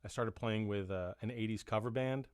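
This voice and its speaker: A man's voice: lowish voice, normal speed, clear, resonant tone, no echo. Fifty-something guy musician rambling about his music, self-deprecating, super dry close sound. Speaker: musician guest. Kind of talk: casual chat.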